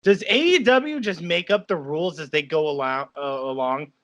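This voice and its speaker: A man co-hosting a wrestling review podcast, telling stories excitedly with lots of fillers in casual chat. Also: on the high side. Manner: excitable, quick storytelling with many fillers. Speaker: podcast co-host.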